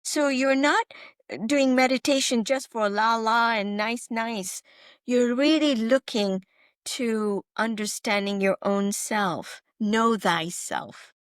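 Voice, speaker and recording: A middle-aged woman doctor speaks as a podcast guest in a fairly high voice. She tells her story with animated emphasis and keeps checking that her listener follows. The sound is close and dry, with no room around it. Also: slow pace, dry recording. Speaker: physician guest.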